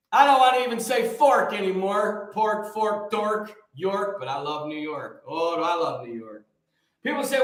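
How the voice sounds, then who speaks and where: A high-voiced man preaching on his morning show in a loose, joking way, wandering off on tangents as he goes. His voice rings out in a very echoey room with a long tail. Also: measured pace. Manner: joking, rambling, animated. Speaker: host and preacher. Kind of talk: casual live preaching talk.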